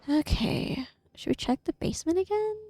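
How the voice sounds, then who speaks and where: A woman's voice: high voice, animated, normal speed, warm tone. Chatty Midwestern woman streaming a game. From American Midwest. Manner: chatty and rambling, swears freely, laughs often. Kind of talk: casual live-stream chat while gaming. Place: home, indoors.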